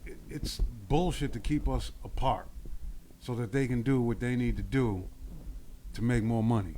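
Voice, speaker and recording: A man's voice: mid-range voice, moderate pace, mellow. A man talks his mind in a loose chat with friends, circling back with "you know what I mean" and restarting his words. His voice sits mid-range, with a faint noise under the recording. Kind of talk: casual chat, opinionated.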